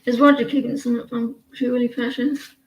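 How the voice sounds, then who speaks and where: A woman's voice: on the high side, little pitch movement, fairly quick, a little hiss or hum, poor audio. A woman giving a casual livestream tarot reading, rambling and chatty as she talks to viewers by name. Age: adult with a daughter. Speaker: tarot reader.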